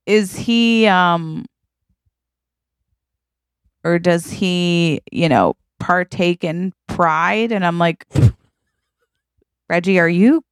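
Slow-talking laughing woman podcast host. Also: on the low side, clear, resonant tone, no room sound. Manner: laughing storyteller, acting out quotes. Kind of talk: casual chat.

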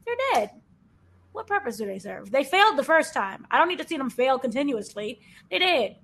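A woman talking casually about a TV episode, animated and acting out the characters' lines as she goes. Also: high voice, fast talker, husky. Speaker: podcast panelist.

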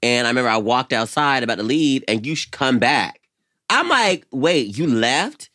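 A young man co-hosting a podcast, chatting casually and sassily, saying "girl" at every turn and laughing loudly. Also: medium pitch, animated, moderate pace, no echo, clean studio sound. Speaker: podcast co-host. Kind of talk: casual chat.

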